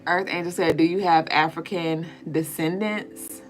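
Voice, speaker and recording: A low-pitched, steady woman's voice speaks unhurriedly on a rough recording with music underneath. She's a spiritual reader hosting a casual tarot livestream, reading viewer comments aloud and chatting loosely in response, with fillers and the odd swear word.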